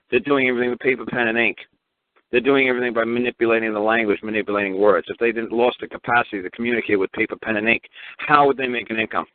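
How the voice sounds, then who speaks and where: Brooklyn-accented male radio ranter, low voice, rapid-fire and profane, heard over a thin phone line. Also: dry recording. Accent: New York. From New York. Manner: fast, profane, repetitive, acts out quoted voices. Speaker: radio talk show host. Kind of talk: ranting phone-in radio talk. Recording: tinny phone line, dry.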